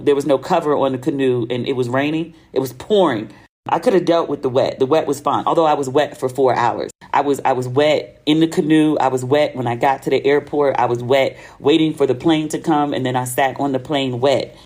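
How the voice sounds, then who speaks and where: A woman's voice: a bass voice, a little mellow. An American woman hosting her own podcast, telling a travel story in a chatty, casual way with slang and laughter. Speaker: podcast host. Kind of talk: casual solo podcast monologue.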